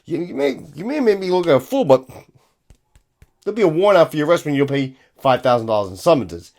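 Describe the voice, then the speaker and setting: A man's voice: on the high side, very animated, quick pace, gravelly, a little mellow. A man, a police officer giving a profane, scornful ranting commentary.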